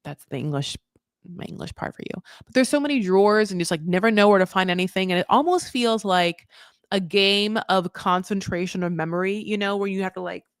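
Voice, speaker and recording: A woman's voice: medium pitch, fairly quick, dry recording, clean studio sound. A woman hosting a casual reality TV recap, chatty and swearing freely as she acts out what people said.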